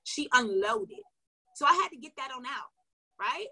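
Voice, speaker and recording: Woman sales coach, animated storytelling, high bright voice, husky edge. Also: unhurried. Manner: animated, acts out dialogue, addresses viewers directly. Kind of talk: storytelling lesson to viewers.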